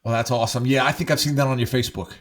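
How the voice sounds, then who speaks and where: A man's voice: mid-range voice, steady tone, racing. A man hosting an interview who reacts with short, laid-back exclamations and casual swearing. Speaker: interview host. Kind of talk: casual chat.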